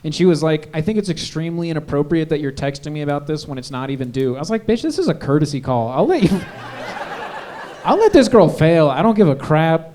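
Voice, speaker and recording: A man's voice: on the high side, fast talker. A man who is a teacher, telling blunt, profane stories about students and parents in a casual comedic chat. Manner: blunt, swears, deadpan punchlines. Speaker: teacher, comedy tour regular.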